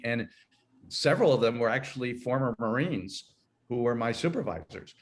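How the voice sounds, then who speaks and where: A man in his sixties who works as an HR consultant is the guest in a conversational interview. Speaking at a normal speed in a mid-range voice, he walks through his career in a rambling way, correcting himself as he goes and laughing easily.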